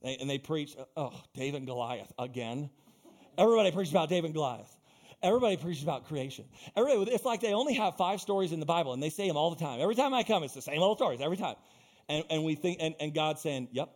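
A man's voice: fairly high pitch, expressive, very fast. A male pastor preaching a sermon in a church, building into fervent, repetitive exhortation.

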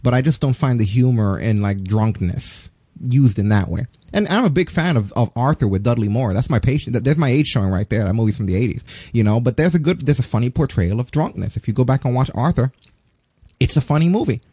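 A man's voice: medium pitch, animated, fast talker, dark tone, breathy edge, dry recording. A man in his forties ranting profanely in a casual podcast chat. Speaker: podcast co-host. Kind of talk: casual wrestling review chat.

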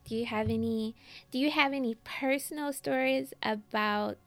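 A woman host in a casual interview, asking questions and reacting with soft encouragement. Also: on the high side, moderate pace, no room sound, soft background music.

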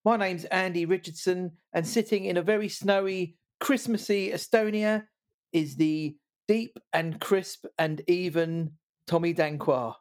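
A man's voice: high voice, a little slow. Jokey man hosting a podcast. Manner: jokey, laughs a lot, restarts words. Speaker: podcast host. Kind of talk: casual chat.

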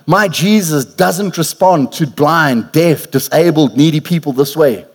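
A man preaching a lively sermon to a church congregation. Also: on the high side, breathy edge. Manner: lively preacher, rising to emphatic call-and-response. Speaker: pastor.

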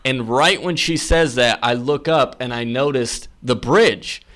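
A young man recounts a ghost story in relaxed podcast conversation. He leans on fillers and restarts, and his voice jumps when he acts out the scary moments. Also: mid-range voice, measured pace. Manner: animated, filler-heavy storytelling. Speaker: podcast guest. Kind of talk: casual storytelling.

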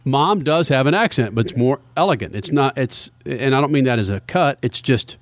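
A man's voice: mid-range voice, moderate pace, dry recording. A man hosting a radio show, chatting casually with co-hosts, joking and laughing often. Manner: laughing, animated banter.

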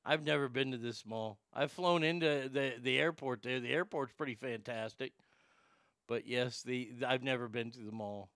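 A man hosting a comedy show, ranting crudely and making a prank call, excitable, profane and full of stammered restarts. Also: medium pitch, moderate pace, clear, resonant tone, dry recording, studio quality.

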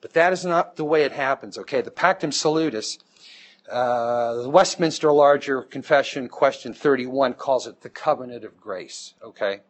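A man's voice: mid-range voice, moderate pace. A man teaching a Bible class, explaining step by step and checking in with the class as he goes. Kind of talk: classroom lecture.

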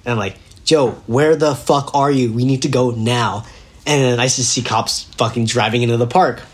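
This young man, a guest on a podcast, tells a story casually at normal speed and medium pitch. Laughing and animated, he reenacts what others said.

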